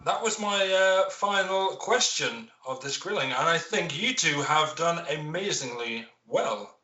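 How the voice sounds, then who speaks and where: An upbeat man hosts a casual interview and is quick to laugh. His voice is bright and forceful at a middle pitch. The audio sounds roomy and dull. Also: lively intonation. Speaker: podcast host.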